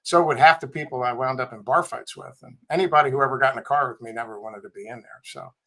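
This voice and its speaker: Middle-aged guy telling blunt wry war and work stories, candid, mid pitch. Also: fast talker, a bit bright, low-quality recording. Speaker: guest, tech company CEO and Marine veteran. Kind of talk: casual storytelling in a podcast interview.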